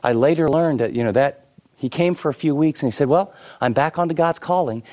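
A middle-aged man preaching a sermon, telling stories with many asides and shifting between lively and hushed delivery. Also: a little high, a little fast. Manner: animated storytelling with many asides. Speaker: pastor.

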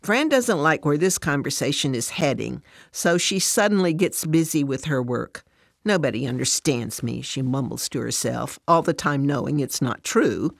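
A woman narrating a devotional story in a plain, steady way. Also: sits low, moderate pace, vocal fry, few pauses, no room sound, studio quality.

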